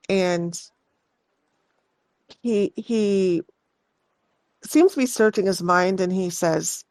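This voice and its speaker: A woman narrating as game master of a tabletop game, unhurried and halting with restarts. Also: mid-range voice, a little mellow, no room sound.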